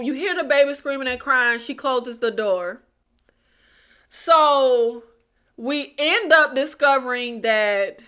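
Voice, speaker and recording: Woman w/ doing a casual tv recap vlog, high bright voice, animated and exasperated. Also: clean tone. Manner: animated, exasperated, addresses viewers as "y'all". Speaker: TV recap vlogger.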